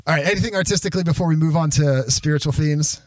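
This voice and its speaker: A man's voice: a little high, fast, dry recording. Chatty male podcast host, dry mic. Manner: chatty, sings lines to illustrate. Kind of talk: casual chat.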